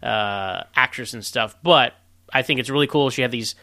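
Chatty bright-voiced trivia man. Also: medium pitch, moderate pace, no echo. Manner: chatty, animated, laughs often. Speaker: podcast co-host sharing film trivia. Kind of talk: casual chat.

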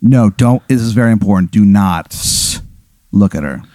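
A man's voice: lowish voice, normal speed, mellow, dry recording, studio quality. A man improvising a comic story, rambling and acting out what other characters say.

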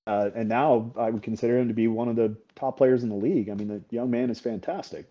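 A middle-aged paintball coach talking as a podcast guest, candid and blunt, swearing freely and often checking in with "right?". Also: male voice, medium pitch, fast talker. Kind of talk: casual interview talk. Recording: slightly dull podcast audio.

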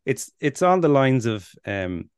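A man's voice: medium pitch, big pitch swings, a little slow, clean tone, no echo, studio quality. An Irish man co-hosting a podcast in casual chat, rambling, laughing often and swearing freely. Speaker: podcast co-host.

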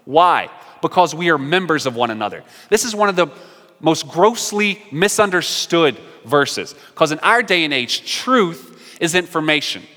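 A man preaching a sermon in an earnest way, moving between emphatic lines and hushed, quiet ones. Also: on the high side, sing-song, unhurried, long reverb tail. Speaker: pastor.

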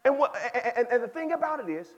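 High-voiced man preaching to youth. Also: lively intonation, fast talker, dull audio. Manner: preaching, addresses listeners by name; swings between loud exhortation and quiet explanation. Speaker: pastor. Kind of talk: sermon to youth.

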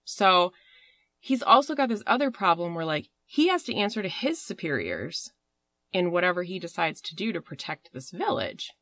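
A woman's voice: fairly low pitch, sing-song, normal speed, a bit bright, no room sound. A woman hosting a podcast, telling a story in a rambling, casual way with fillers and swearing. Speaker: podcast host.

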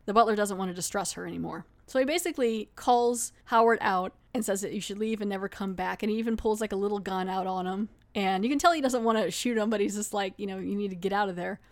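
Chatty woman recapping a TV episode. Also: medium pitch. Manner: chatty, animated retelling with laughs and quick acted asides. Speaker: podcast host.

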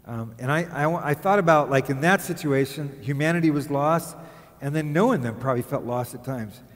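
A man pastor preaches in a loose, chatty way, drifting into jokes and asides. His voice sits fairly high for a man. A long reverb from a large church sanctuary trails after his words. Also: moderate pace. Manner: jokey, rambling and chatty. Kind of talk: conversational sermon.

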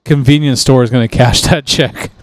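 A man's voice: medium pitch, moderate pace, no room sound. A man co-hosting a casual podcast, joking and laughing often as he talks. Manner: jokey, laughs often, lively delivery. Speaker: podcast co-host. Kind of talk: casual chat.

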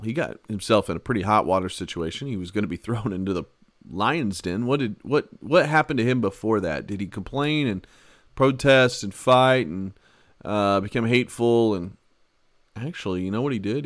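A man who is a pastor and podcast host, giving a conversational Bible teaching in an emphatic way, repeating his key words and swinging between loud and soft. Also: lowish voice, expressive, moderate pace, no room sound, studio quality.

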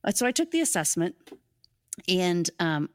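A woman's voice: lowish voice, sing-song, normal speed. A woman hosting a casual live stream on leadership, upbeat and enthusiastic and often laughing.

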